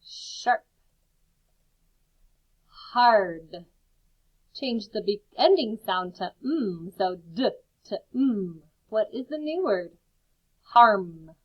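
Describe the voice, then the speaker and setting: A woman teacher giving a phonics lesson to young children from home, sounding out each word slowly and clearly. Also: mid-range voice, animated, highs cut off.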